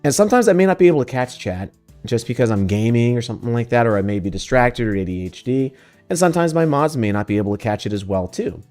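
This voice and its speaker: A laid-back man chats on a livestream as he answers his viewers. His voice is mellow and on the dark side, and his talk is loose and sprinkled with swearing and laughs. Soft guitar music plays faintly behind him. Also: medium pitch, lively intonation, fast talker. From Texas. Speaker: VTuber streamer. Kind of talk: casual livestream chat answering questions.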